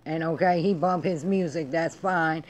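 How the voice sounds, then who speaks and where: A woman's voice: sits low, fairly even intonation, moderate pace. A middle-aged woman hosting her own vlog, delivering a blunt, profane, emphatic rant in casual talk. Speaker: vlog host. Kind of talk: casual ranting monologue.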